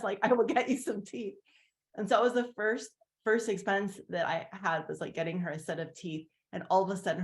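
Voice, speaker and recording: A woman giving a heartfelt personal testimony on a team call, rambling with many fillers and restarts and acting out what others said. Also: mid-range voice. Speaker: team leader sharing her story.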